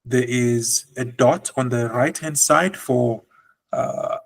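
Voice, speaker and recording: A man's voice: medium pitch, takes it slowly, creaky, rough recording. A man teaching a language lesson, explaining patiently and drawing out example words.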